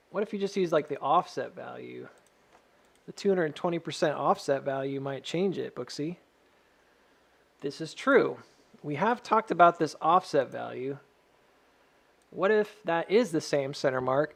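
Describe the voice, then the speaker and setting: A man's voice: a little high, vocal fry, fairly bright tone. A man doing a casual charting stream, joking and rambling as he thinks aloud. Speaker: stock chart analyst.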